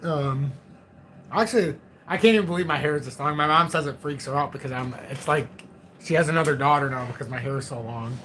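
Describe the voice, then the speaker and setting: Man, forties, livestream host, casual, self-mocking, slightly high voice, faint background noise. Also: fast talker, bright, forceful tone. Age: 40s. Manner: joking, rambling, self-mocking.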